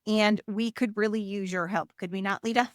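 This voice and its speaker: A woman's voice: mid-range voice, fairly even intonation, moderate pace, dry recording. Earnest middle-aged woman, dry sound. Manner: earnest, explanatory, with fillers. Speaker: podcast co-host, dance studio owner. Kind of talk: casual chat.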